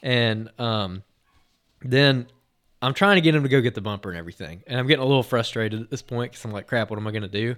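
A man with an ordinary, mid-range voice tells a story on a podcast. He rambles, doubles back on himself and fills his sentences with "like" and "uh". His delivery stays relaxed and conversational as he relives the moment. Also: medium pitch, brisk. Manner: rambling, filler-heavy retelling with many restarts; lively, excited anecdote telling. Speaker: podcast host.

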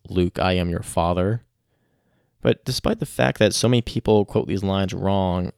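Male narrator, low voice, talks straight to listeners. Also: no room sound, studio quality. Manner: steady, explanatory, addresses listeners directly. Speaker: presenter of a survey report. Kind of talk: scripted narration.

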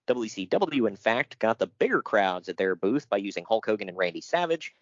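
Low-voiced man reading notes casually. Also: very animated, a little fast, no echo, dull audio. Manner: reads notes, jokes and laughs often. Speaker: podcast co-host. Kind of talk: casual chat.

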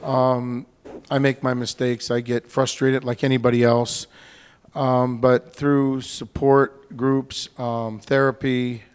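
A man's voice: mid-range voice, level tone, slow, a little mellow, smooth. A man on a panel answering an audience question in a candid, rambling way, acting out what others said. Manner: candid, rambling, acts out quotes. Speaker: panel guest. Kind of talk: casual Q&A answer.

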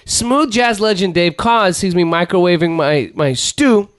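A middle-aged man telling animated, profane stories in casual chat. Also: measured pace, clean tone, no echo. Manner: animated, profane storyteller, rises in pitch when riled.

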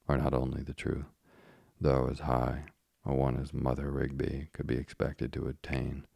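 A man narrating a classic tale as an audiobook, with measured, deliberate phrasing. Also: very deep voice, vocal fry, warm tone, breathy edge, dry recording, studio quality.

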